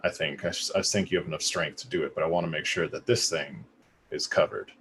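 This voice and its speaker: A man plays a tabletop role-playing game, speaking in a hesitant, measured way. His voice is very deep, with a faint hiss behind it. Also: fairly even intonation, a bit bright. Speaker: player.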